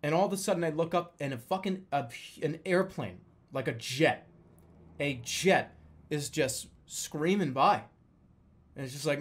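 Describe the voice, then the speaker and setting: A young man casually telling a story, swearing freely and loudly acting out the lines he quotes. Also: fairly high pitch, expressive, a little slow. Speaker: storyteller recounting a dream.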